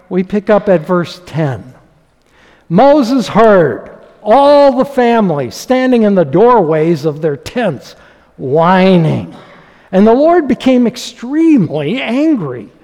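A man's voice: high-pitched, big pitch swings, takes it slowly, mellow, long reverb tail. A man preaching a sermon as pastor, reading scripture dramatically and talking animatedly with chuckles.

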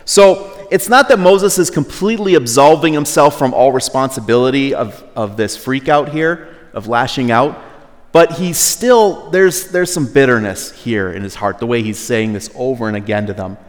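A man preaching in a loose, conversational sermon style, now and then exasperated. His voice sits at an ordinary middle pitch. A long reverb trails behind him as if he were in a big hall. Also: moderate pace.

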